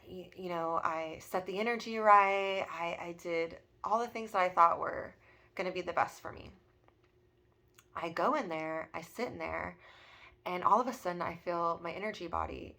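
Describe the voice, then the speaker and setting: Bright-voiced earnest woman in her thirties. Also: fairly low pitch. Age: 30s. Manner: earnest, emotional, many fillers. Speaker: spiritual vlogger. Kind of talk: personal reflective monologue.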